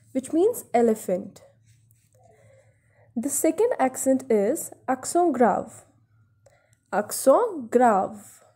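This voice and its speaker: A young woman giving a beginner French lesson, slowly repeating each example word and explaining its meaning plainly. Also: high voice, dark tone. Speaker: French teacher. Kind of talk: slow beginner language lesson.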